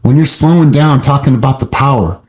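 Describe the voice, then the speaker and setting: A male sales coach delivers his session in an emphatic, motivational way, repeating key points for effect. His voice sits at an ordinary middle pitch. The room around him rings with noticeable echo. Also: a little fast, a little mellow. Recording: roomy echo.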